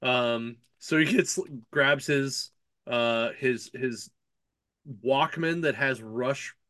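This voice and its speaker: A man's voice: medium pitch, very slow, fairly bright tone, dry recording. Man, podcast host, casual rambling book recap, laughs a lot, dry close sound. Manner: rambling, laughing, heavy on fillers. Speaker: podcast host reviewing books. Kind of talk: casual chat.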